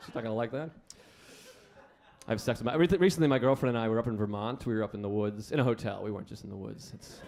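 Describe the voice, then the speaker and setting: A man doing a stand-up comedy set on a club stage, with a deadpan, self-deprecating delivery. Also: mid-range voice, a little hiss or hum. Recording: live club set with faint crowd. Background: audience laughter.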